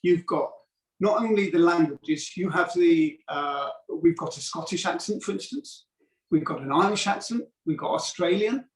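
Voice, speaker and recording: During a live video call, a male product demonstrator shows off a product in a fairly high voice at normal speed. His delivery is casual and rambling, with fillers and false starts, and the call audio comes through roomy and distant.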